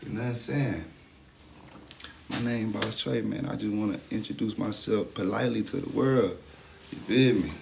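A young man chats on a livestream in a gravelly, lowish voice. He is boastful and hyped, and he keeps throwing "you know what I'm saying" at his viewers. Faint background noise sits under his voice. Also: steady tone, moderate pace. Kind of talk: casual livestream chat.

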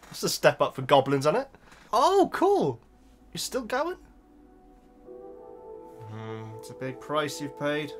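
A man hosting a film reaction, talking to the screen and cheering excitedly. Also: fairly high pitch, measured pace, long pauses, faint music behind. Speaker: reaction video host.

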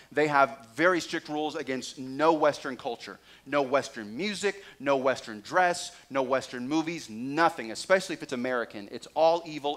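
Man preaching with wide swings of loudness. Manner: dynamic preaching, swings between loud emphasis and quiet low asides. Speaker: pastor. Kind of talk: sermon.

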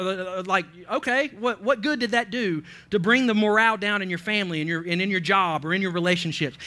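A man's voice: high voice, pushed and bright. A man preaching a sermon as pastor in a church, emphatic and full of repetition, restarting his phrases as he drives each point home.

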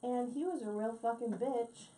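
A woman's voice: on the high side, normal speed, dark tone, recorded from a distance, low-quality recording. A young woman co-hosting a casual podcast, telling a profane, sarcastic story. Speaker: podcast co-host. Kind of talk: casual chat.

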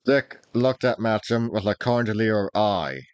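A man narrating an old adventure novel, reading in a measured, deliberate manner. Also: lowish voice, smooth, no room sound, muffled recording. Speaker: reader, narrator. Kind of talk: storybook narration.

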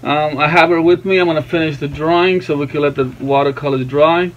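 Chatty, playful dad hosting an art tutorial from home; voice sits slightly high, sound a little muffled. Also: male voice, steady tone, fairly quick. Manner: chatty, playful, breaks off to talk to his baby. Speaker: art tutorial host and father. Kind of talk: casual drawing tutorial narration. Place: at home at a drawing table.

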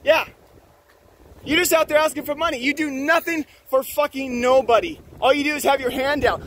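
A man's voice: very high-pitched, moderate pace, a bit bright, slight background noise, rough recording. A man confronting officials outdoors at a harbor, angry, accusatory and profane. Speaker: boat owner confronting officials. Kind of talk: heated confrontation, filmed.

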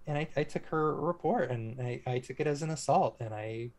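A man, a former police officer, speaking as an interview guest and telling a story in a casual, halting way, full of restarts and fillers. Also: medium pitch, darkish tone.

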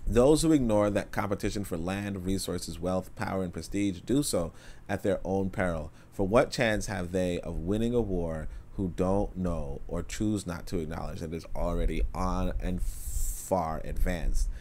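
A man's voice: low voice, measured pace, a little mellow. A man hosting a casual livestream, reading an essay aloud and chatting loosely with his viewers. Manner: digressive, loose and conversational, with many fillers. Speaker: host reading an essay aloud and answering chat.

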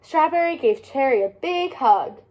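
A woman's voice: high-pitched, expressive, moderate pace, a little mellow. Woman reading a picture book aloud. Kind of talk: children's book read-aloud.

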